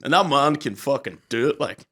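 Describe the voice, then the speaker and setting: A man's voice: medium pitch, animated, brisk, sharp tone, slightly rough. Chatty young man. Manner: rambling storyteller, swearing, acting out quotes. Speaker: podcast co-host. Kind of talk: casual chat.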